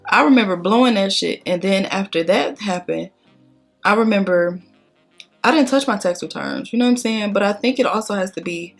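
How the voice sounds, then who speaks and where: A woman's voice: mid-range voice, moderate pace, soft background music. A woman vlogger talking casually while doing her makeup, telling her story bluntly with lots of cursing and strong emotion. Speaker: beauty vlogger.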